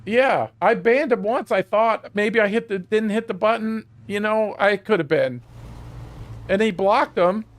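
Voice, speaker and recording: High-voiced swearing gaming streamer man. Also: unhurried. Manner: profane, grumbling to himself. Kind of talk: casual live-stream chatter.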